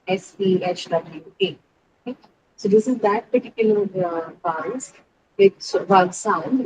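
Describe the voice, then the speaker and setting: Woman English teacher, online class; methodical, question-and-answer delivery, repeats key words, steady hiss behind. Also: mid-range voice. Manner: explains step by step, asks questions then answers them. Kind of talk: online pronunciation lesson. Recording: steady background noise.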